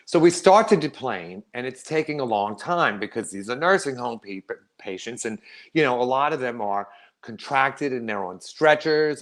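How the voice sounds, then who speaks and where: Animated middle-aged male storyteller. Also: mid-range voice. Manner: animated, wry, laughs often. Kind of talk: performed storytelling monologue.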